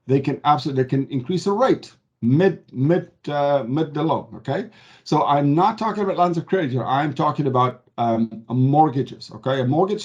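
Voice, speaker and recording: Man with a higher voice explaining finances. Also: darkish tone, highs cut off. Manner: conversational, keeps checking in with "okay?"; emphatic, stresses key words. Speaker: mortgage advisor. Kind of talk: explanatory talk to camera.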